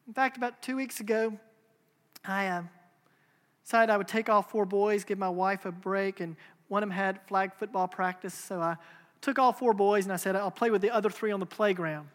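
A man's voice: sits high, steady tone, moderate pace, fairly bright tone. A man in his thirties delivers an earnest, emphatic sermon. He repeats phrases and asks rhetorical questions as he builds his point. His voice rings with the long reverb of a large hall. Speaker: pastor.

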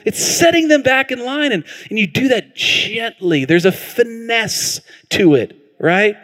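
A man pastor preaching a sermon, telling a story with animated, acted-out quotes. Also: extremely high pitch, a little slow. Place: church hall. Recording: reverberant church hall.

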